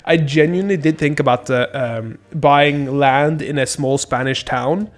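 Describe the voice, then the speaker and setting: A man's voice: fairly high pitch, unhurried. Rambling man chatting on stream. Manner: rambling, frequent fillers and restarts, blunt swearing. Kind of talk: casual chat.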